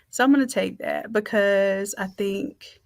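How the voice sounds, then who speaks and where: A chatty woman walks viewers through a design tutorial on a live stream. Her voice sits fairly high and sounds close to the mic. The room around her is dry, with no echo. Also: darkish tone. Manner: chatty, talks to viewers as y'all. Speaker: design instructor.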